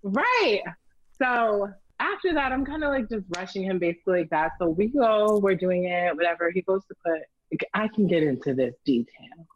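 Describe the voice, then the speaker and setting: A young woman telling a candid, profane story in a casual chat, lively and blunt. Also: mid-range voice, normal speed, no echo, lo-fi sound. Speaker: storyteller guest.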